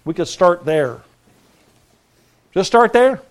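A man preaching in a conversational style, telling a personal story with lively energy. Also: high-pitched, slow.

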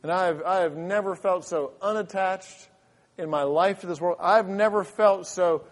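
In a church sanctuary with long hall reverb, a pastor preaches a fervent sermon full of repeated restarts. His voice sits high and moves at a moderate pace.

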